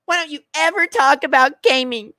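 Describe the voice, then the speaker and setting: A man's voice: extremely high pitch, moderate pace, sharp tone, no echo, voice pushed up. A man mocking a whiny, entitled complainer. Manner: mocking, nagging.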